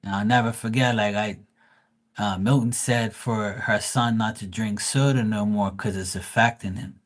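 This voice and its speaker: On his livestream, a man who reads tarot as a psychic rambles through a story, cursing freely and restarting often. He speaks at a moderate pace with a fairly low pitch and fairly even intonation.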